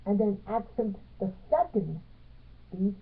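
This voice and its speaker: Slow halting woman teaching music theory. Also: medium pitch, lively intonation, slightly rough. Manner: halting, counts beats aloud and stresses them. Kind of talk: piano music theory tutorial. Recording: tinny phone-like sound.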